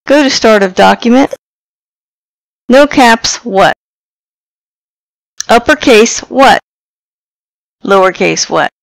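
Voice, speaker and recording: A woman presenting a software tutorial, dictating voice commands in a clipped, deliberate way into a headset microphone. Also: mid-range voice, vocal fry, no room sound, low-quality recording.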